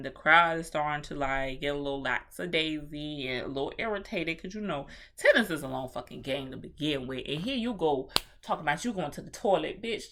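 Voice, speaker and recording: A woman with a notably low voice retells a film in a loose, chatty vlog review. She talks animatedly, full of slang and the odd swear word, and addresses her viewers directly. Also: fairly bright tone. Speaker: movie reviewer.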